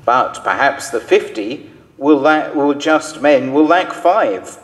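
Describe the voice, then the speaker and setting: A man's voice: medium pitch, lively intonation, takes it slowly. A man reading the part of a patriarch who pleads humbly and earnestly with God, in a church. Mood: pleading. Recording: reverberant church hall.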